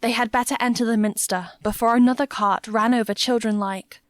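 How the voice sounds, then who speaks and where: A woman narrating a fantasy audiobook in a steady, tense storytelling manner. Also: a little high, a little fast, no echo. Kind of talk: scripted narration.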